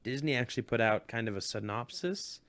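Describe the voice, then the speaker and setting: A young man co-hosting a podcast, chatting casually, eager and joking, quick to laugh. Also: medium pitch, expressive, a bit bright. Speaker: podcast co-host. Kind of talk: casual chat.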